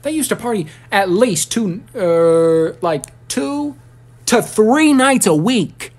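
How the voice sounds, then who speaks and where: A man ranting on a casual livestream, rambling and profane, with sudden high squeals and shouts. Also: expressive, takes it slowly.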